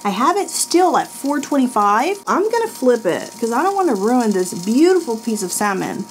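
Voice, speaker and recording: A woman's voice: a little high, sing-song, moderate pace, slight background noise. A woman who did not grow up speaking English hosts a casual product review vlog, talking straight to her viewers. Her delivery is blunt and full of laughter, and she swears freely as she tries out a kitchen gadget at home. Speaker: host of a product review channel. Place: indoors at home, in her office.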